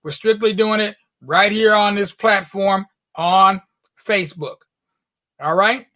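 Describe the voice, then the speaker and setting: A man's voice: high-pitched, slow pace, bright, forceful tone. A man hosting a show, signing off in a playful, folksy way with rhymes and repetition. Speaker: host. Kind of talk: casual sign-off.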